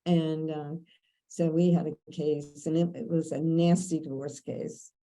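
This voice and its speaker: Older woman lawyer with a mellow, dark voice. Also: deep voice, level tone, a little slow, rough recording. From Kentucky. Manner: chatty, laughing anecdotes with many fillers. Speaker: veteran lawyer. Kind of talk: storytelling interview.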